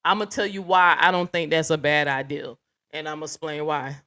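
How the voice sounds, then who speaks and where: A woman's voice: deep voice, steady tone, brisk, sharp tone. A woman hosting a livestream, talking bluntly and profanely straight to her viewers and reading out chat comments. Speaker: livestream host.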